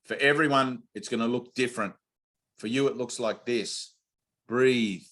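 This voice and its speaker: A man's voice: medium pitch, a little slow, fairly bright tone. Blunt, intense male spiritual teacher. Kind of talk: spiritual group session on video call. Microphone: video call.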